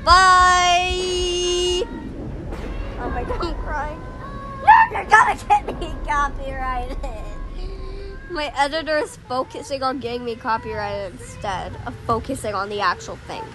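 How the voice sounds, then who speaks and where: A woman giving casual commentary while playing a game, excitable and melodramatic, swinging from mumbling to yelling. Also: high voice, measured pace, poor audio. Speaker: gameplay commentator. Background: game music.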